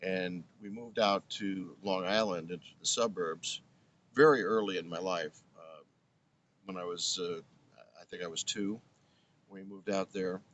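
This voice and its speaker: A man's voice: deep voice, fairly even intonation, a little slow, fairly bright tone, lo-fi sound, a little hiss or hum. A man in his seventies, originally from Brooklyn, telling his story as an interview guest in an earnest, reflective way. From Brooklyn, New York. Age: 70s. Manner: earnest, reflective, restarts phrases often. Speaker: guest, former radio broadcaster.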